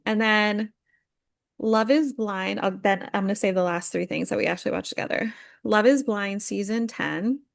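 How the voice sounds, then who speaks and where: A young woman gossips her way through reality TV recaps, slipping into quick impressions of the people she talks about. The recording is dry and close, with no room sound, and her voice sits at a middle pitch. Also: gravelly, no room sound. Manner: chatty, animated, acts out quotes with lots of "like". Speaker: podcast co-host. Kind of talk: casual chat recapping reality TV.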